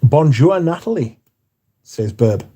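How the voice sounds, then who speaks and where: A man's voice: on the high side, lively intonation, slow pace, mellow, breathy edge. A man hosts a livestream from home, reading out viewers' chat and bantering back in a laid-back way with casual swearing. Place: indoors at home.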